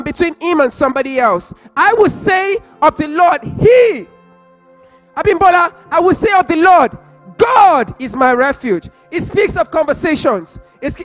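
A man preaching and leading prayer, repeating phrases and breaking into loud, impassioned, sung prayer. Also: extremely high pitch. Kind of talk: sermon with prayer.

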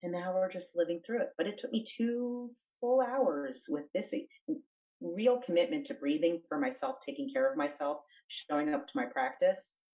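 A woman's voice: lowish voice, normal speed, warm tone, distant mic, low-quality recording. A middle-aged woman guest on a podcast, talking earnestly and emphatically about breath and stress. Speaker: podcast guest, energy worker. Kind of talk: conversational interview.

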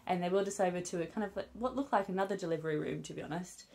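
Racing along in a fairly low, darkish voice, a young British woman chats casually to camera as a vlogger. She's at home with her newborn and fills her talk with "um" and "obviously."

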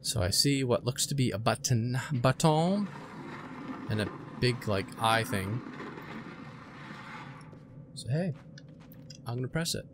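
A man's voice: medium pitch, expressive, takes it slowly, pauses often, slight background noise. A young man giving casual let's-play commentary, chatty and unsure of himself, often speaking to the creatures in the game. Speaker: gaming commentator.

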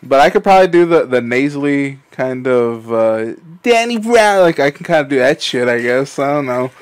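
A man's voice: mid-range voice, normal speed, smooth. A man co-hosting a comedy podcast, joking around with friends, laughing often and stumbling over his words. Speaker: podcast co-host. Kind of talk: casual comedy banter.

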